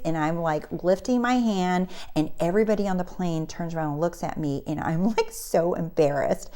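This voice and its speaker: A woman coaching on manifestation, telling a personal story in a casual, animated way and acting out the people in it. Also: on the low side, normal speed, hardly any pauses. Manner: animated, acts out the voices of people in her story; breaks into laughter mid-sentence. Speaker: manifestation coach and channel host.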